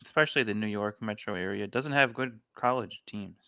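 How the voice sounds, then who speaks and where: Lowish guy on a muffled call, sharp tone, argues back a lot. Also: clean tone, dry recording. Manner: questioning, contrarian, quick to disagree. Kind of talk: casual chat. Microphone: online call over Wi-Fi.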